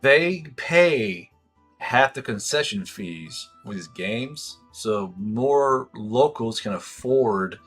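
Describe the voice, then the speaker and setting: A man's voice: mid-range voice, animated, slow pace, a bit bright, husky, soft background music. A man running a tabletop game as game master, describing scenes in a rambling, profane way with many fillers.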